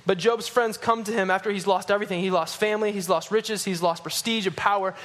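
A man with a high, light voice preaches a sermon. He goes low and hushed for scripture, then climbs higher and louder to drive a point home. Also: quick pace. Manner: animated, rising in pitch and force at emphatic points; drops low and quiet when reading scripture. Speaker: pastor.

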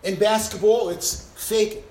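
A male preacher with a high-pitched voice delivers his sermon with emphatic bursts and playful sound effects. The sound rings out with a roomy echo. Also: fairly even intonation, unhurried, a little mellow, slight background noise.

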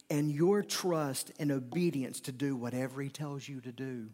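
Pastor preaching in a reverberant hall. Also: male voice, medium pitch, steady tone, unhurried, darkish tone. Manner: conversational preaching with sudden bursts and emphatic repetition. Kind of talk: sermon. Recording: long reverb of a large hall.

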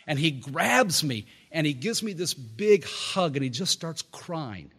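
A man preaching a sermon to his meeting, telling a story that swells to loud peaks and drops to quiet, low endings. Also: very animated, unhurried, husky. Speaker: pastor. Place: meeting house. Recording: long reverb of a hall.

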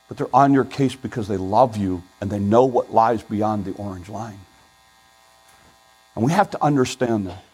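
An older man preaching a sermon as pastor, earnest and pleading, swinging between loud emphasis and hushed asides. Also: mid-range voice, husky, low-quality recording.

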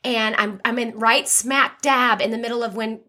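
A woman co-hosting a podcast, her voice bright and a bit high. She reads list items aloud with playful flourish and chats along loosely. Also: fairly even intonation, normal speed. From American South. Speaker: podcast co-host. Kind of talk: casual chat, reading out a list.

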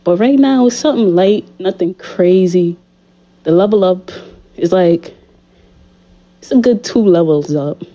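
A woman with a lowish, warm voice hosts her podcast in a casual monologue, speaking at a measured pace and pausing often. She's playful and repeats herself as she addresses listeners directly, sounding a little out of breath, recorded on a studio condenser mic.

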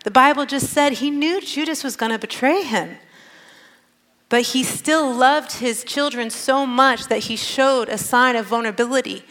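A woman's voice: fairly high pitch, a bit bright. Earnest woman preaching in a reverberant hall. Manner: earnest, conversational, emphatic. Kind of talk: sermon.

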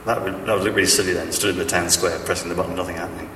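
A man's voice: low voice, steady tone, racing, far from the mic, noisy background. Man preaching in an echoey hall. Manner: chatty, self-deprecating, many fillers and restarts. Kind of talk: sermon with stories. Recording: echoey hall, speaker off-mic.

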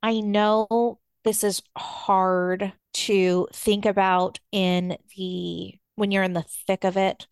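A woman co-hosting a wedding advice podcast, giving earnest, gentle advice in casual talk. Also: medium pitch, flat delivery, slow, hardly any pauses, smooth, no echo. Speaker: podcast co-host.

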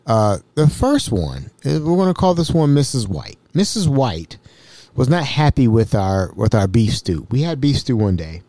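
A man hosting a podcast, telling stories in an animated, repetitive, exasperated way. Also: medium pitch, moderate pace, no room sound. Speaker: podcast host. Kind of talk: casual storytelling.

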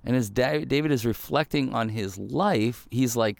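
A man's voice: mid-range voice, normal speed, creaky, few pauses, no echo. A man giving a casual, conversational sermon, talking loosely with lots of "like" and "right?" asides. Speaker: preacher.

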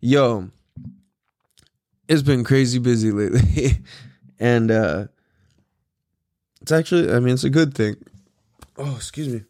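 A man's voice: mid-range voice, unhurried, pauses often, darkish tone, no echo, studio quality. A tired young man hosting his own podcast, rambling in a laid-back way with lots of swearing, fillers and laughs. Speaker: podcast host. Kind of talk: casual solo podcast monologue.

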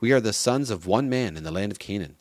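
A man's voice: on the low side, expressive, fast, no echo, lightly acted. A man reading the lines of frightened, humble brothers pleading before a ruler.

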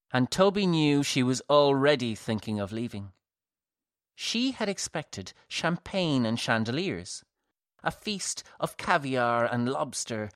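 A man reading a novel aloud as a measured audiobook narrator. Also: mid-range voice, a bit bright, clear, resonant tone, no echo, studio quality. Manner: slow, measured.

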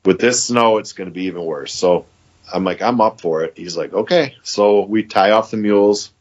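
Man, 50s, husky, low-pitched, rambling casual storyteller, dull lo-fi recording. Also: moderate pace. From Michigan. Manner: rambling, quotes others with "he goes". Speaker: podcast guest.

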